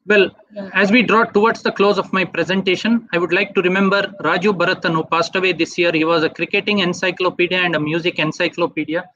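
Male webinar presenter, measured delivery, dry muffled sound. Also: high-pitched, steady tone, sharp tone, no room sound. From India. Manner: measured, asks for next slide often. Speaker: webinar speaker. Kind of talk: slide presentation lecture. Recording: dull dry online audio.

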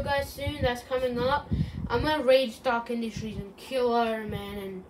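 A woman with a fairly high, fairly even voice speaks at a measured pace as she plays a video game. As host of a gaming channel, she rambles through silly, self-mocking commentary in a casual way, and the distant mic leaves clear background noise.

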